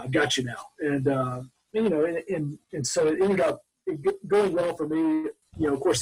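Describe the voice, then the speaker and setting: A man's voice: medium pitch, husky, low-quality recording. A man in his forties, a former Marine from Alabama, telling long rambling anecdotes as an interview guest. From Mobile, Alabama, US. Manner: rambling, animated anecdotes with many restarts. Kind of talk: casual storytelling interview.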